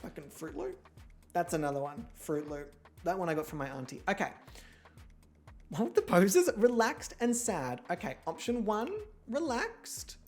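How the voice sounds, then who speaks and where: A man's voice: high-pitched, sing-song, normal speed, a little mellow, soft background music. A young man hosting a model-show game, chatting casually in a campy, self-mocking way and swearing often. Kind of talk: casual gameplay commentary.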